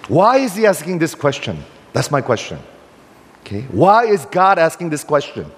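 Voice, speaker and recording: An older male pastor preaching with lively, swooping pitch that climbs and falls. He presses his points with rhetorical questions, and his voice hangs in the long reverb of a big hall. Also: normal speed. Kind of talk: sermon.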